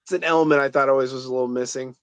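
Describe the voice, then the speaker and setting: A man's voice: medium pitch, fairly even intonation, rapid-fire, fairly bright tone, clean tone, no room sound. A man co-hosting a casual movie commentary chat, rambling with lots of fillers. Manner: rambling, lots of likes and uhs. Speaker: podcast co-host.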